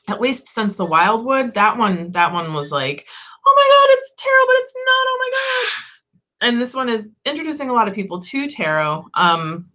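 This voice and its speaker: A young woman hosts a casual tarot channel live stream, rambling candidly with plenty of "like" and "um" and swearing freely. Her voice is fairly low-pitched, pushed, and bright.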